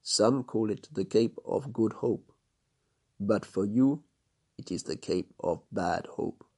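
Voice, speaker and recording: This is a crooked police inspector in a storybook, as a man reads him, cold and menacing. He speaks low and clipped with a husky edge, issuing orders without raising his voice. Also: slow pace, darkish tone, exaggerated voice.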